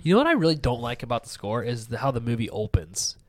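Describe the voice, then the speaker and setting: A man's voice: mid-range voice, very animated, fast, no echo. A man hosting a casual movie-review podcast, joking and crude, recorded close on a dry mic. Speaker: podcast host.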